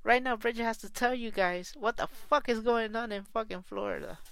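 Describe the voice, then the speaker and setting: A woman's voice: a little high, moderate pace, a little hiss or hum. A woman soccer fan podcaster delivering a heated, profane, repetitive solo rant.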